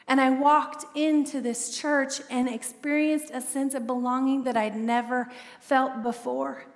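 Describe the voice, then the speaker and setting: A woman giving a testimony sermon as a ministry speaker, telling her story in a lively way and acting out the dialogue. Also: high-pitched, measured pace. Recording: long hall reverb.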